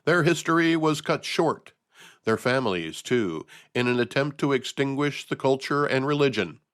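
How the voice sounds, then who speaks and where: A man's voice: medium pitch, expressive, normal speed, a bit bright. Man giving dry, sardonic news commentary. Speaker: podcast host. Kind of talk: scripted commentary monologue.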